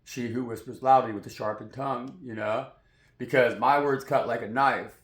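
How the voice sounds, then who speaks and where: A man's voice: medium pitch, fairly even intonation, moderate pace. A man giving a rambling, profane spiritual monologue as a tarot reader, preachy in tone. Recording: roomy echoey sound.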